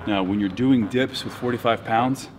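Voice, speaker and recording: A man's voice: medium pitch, moderate pace. A man filming a casual, jokey fitness vlog inside a gym. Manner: jokey and playful. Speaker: fitness vlogger. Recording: long gym reverb, faint noise.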